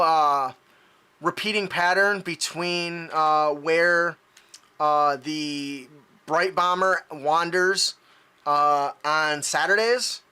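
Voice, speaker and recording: A man's voice: high voice, pushed and bright, clear, resonant tone. A man narrating a tabletop game as game master, loose and laughing, with plenty of fillers.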